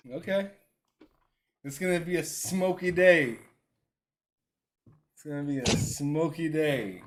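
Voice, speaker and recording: A man co-hosting a casual gaming podcast, teasing his friend with halting restarts and frequent laughs. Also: on the high side. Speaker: podcast co-host. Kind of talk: casual trash talk with a friend.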